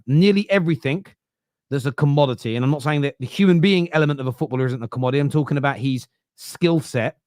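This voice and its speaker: A Southern English man hosts a football podcast, thinking aloud in casual chat, restarting often and building his case point by point. His medium-pitched voice comes through in studio quality with no echo.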